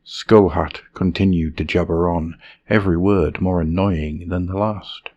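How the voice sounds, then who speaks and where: A man reading a fantasy story in a measured, dramatic narration style. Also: sits low, steady tone, dull audio.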